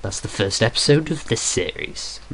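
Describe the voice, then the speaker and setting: Young guy rambling over his game at home, slow and kinda low, lots of ums, faint keyboard clicks behind. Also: expressive, a little hiss or hum. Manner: rambling, hesitant, full of fillers. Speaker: let's play gamer. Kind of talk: casual gameplay commentary. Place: room at home.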